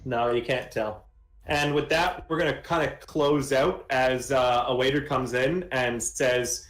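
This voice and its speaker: A man's voice: mid-range voice, steady tone, unhurried, fairly bright tone, echoey room, rough recording. A man running a tabletop game as game master, narrating in a casual, rambling way.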